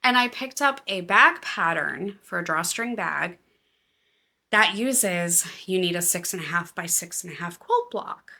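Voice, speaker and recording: A woman hosting a casual knitting and crafts podcast, chatty and excitable with a self-deprecating manner. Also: lowish voice, a little slow. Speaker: podcast host. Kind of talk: casual chat.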